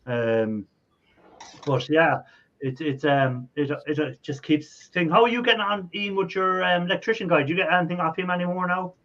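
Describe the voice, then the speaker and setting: A man's voice: high voice, moderate pace, fairly bright tone, highs cut off. A man hosting a casual live stream over a video call, chatty, with lots of fillers and laughter. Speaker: host.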